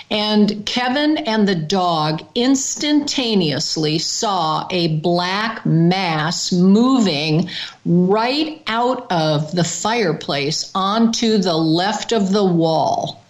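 A woman telling a personal story in casual spoken style, earnest, with dramatic pauses and quoted exclamations. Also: medium pitch, poor audio.

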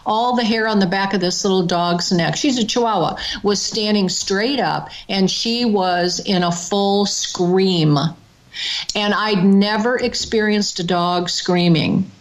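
Woman guest, slow unhurried delivery, earnest storytelling with dramatic pauses, mid-range voice. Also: mid-range voice, poor audio. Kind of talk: casual spoken storytelling.

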